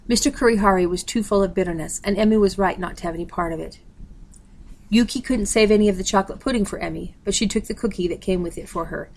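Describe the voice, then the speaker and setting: A woman's voice: mid-range voice, gravelly, a little mellow, poor audio. A woman steadily reading a novel aloud, announcing page numbers. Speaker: audiobook reader.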